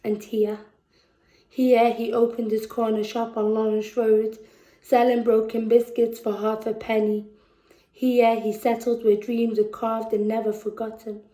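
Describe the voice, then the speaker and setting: A woman with a Scouse accent performing spoken word poetry, slow and deliberate, with emphatic repetitions. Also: a little high, flat delivery, dark tone, roomy sound, low-quality recording. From England. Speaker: poet. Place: festival venue indoors.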